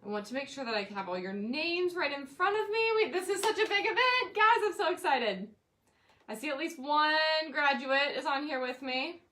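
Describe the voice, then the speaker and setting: A woman's voice: sits high, animated, normal speed, sharp tone. A woman teaching a quilting class, chatting casually on a live stream and cheerfully greeting viewers by name in a sing-song way. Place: home room with balloons behind her.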